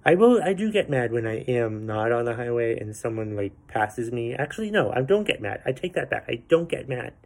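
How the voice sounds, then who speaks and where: A man's voice: medium pitch, big pitch swings, fairly quick, creaky, hardly any pauses. Profane ranting male podcast host. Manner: profane, exasperated ranting with sarcastic asides. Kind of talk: ranting commentary.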